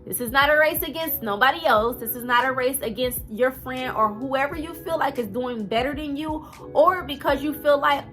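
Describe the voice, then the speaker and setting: A woman in her thirties with a noticeable twang gives a heartfelt motivational talk straight to her viewers. Her voice sits high and rings bright, and she speaks in a casual, earnest way, with fillers sprinkled throughout. Soft music plays faintly underneath. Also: normal speed. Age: 30s. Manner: earnest, direct, conversational with fillers. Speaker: vlogger.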